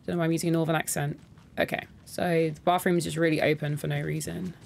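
A woman with a slightly low voice gives casual gameplay commentary, chatting with her viewers and reacting as she goes. She reads in-game notes aloud in an easy, unpolished way. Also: little pitch movement, quick pace, gravelly, slight background noise. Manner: talks to her viewers directly. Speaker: gaming content creator. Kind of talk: casual let's-play commentary.

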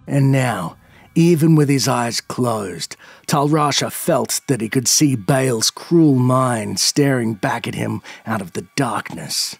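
A man narrating a dark fantasy story in a dramatic, expressive manner. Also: medium pitch, slow, vocal fry, husky, no echo. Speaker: lore narrator. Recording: faint background music.

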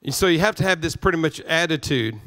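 Emphatic preaching man, fairly high voice. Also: fast, a bit bright. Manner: emphatic preaching with repetition and stammered restarts. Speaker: pastor. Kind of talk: sermon.

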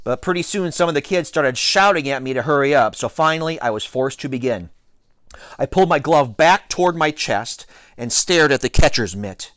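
A man reads a children's novel aloud, telling it expressively with playful asides to the listener. His voice sits fairly high and moves through a wide, lively range. The recording is dry with no room sound. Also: moderate pace, dry recording. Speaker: reader.

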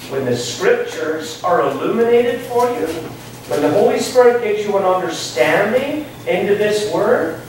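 A man, preaching a sermon with emphatic swings between loud rising lines and quiet low asides. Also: distant mic, slight background noise. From Ireland. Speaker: pastor. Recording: echoey hall, speaker off-mic.

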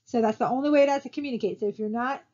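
A college instructor with a fairly high, warm voice talks very fast as she records a lecture over her slides. She is conversational and often pauses to ask her students rhetorical questions, and the recording is somewhat dull and lo-fi.

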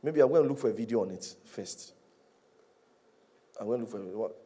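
Man preaching with loud and hushed swings. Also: lowish voice, expressive, quick pace, slightly rough. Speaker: pastor. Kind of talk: sermon.

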